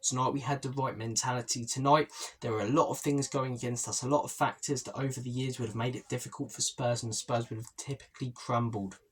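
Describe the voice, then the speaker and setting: A man's voice: mid-range voice, steady tone, brisk, slightly rough. A young man hosting a football fan channel, talking through a post-match reaction in a chatty, opinionated way and often repeating himself. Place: holiday stay by the sea.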